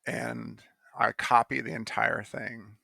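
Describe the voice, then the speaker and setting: A man's voice: mid-range voice, little pitch movement, slow, vocal fry, sharp tone, no echo. A man telling how he came to write a poem, in a rambling casual monologue full of fillers and restarts, blunt and now and then swearing.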